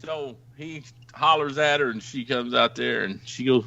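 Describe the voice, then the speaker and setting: A middle-aged man from the Ozarks telling a crude police story on a podcast in a rambling, animated way. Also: mid-range voice, normal speed, creaky, lo-fi sound. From Ozarks, United States. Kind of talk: casual storytelling chat.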